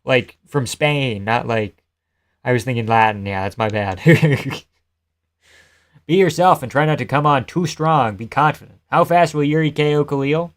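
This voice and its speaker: A man hosts a live fight stream, reacting to chat in a loose, joking way and swearing freely. His pitch sits in the middle range, and his delivery is casual and unscripted. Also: moderate pace. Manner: loose, joking, profane, laughs often.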